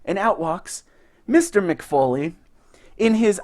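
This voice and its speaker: A young man co-hosting a podcast, telling stories in a casual, excited and profane way. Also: fairly high pitch, slow pace. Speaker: podcast co-host. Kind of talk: casual chat.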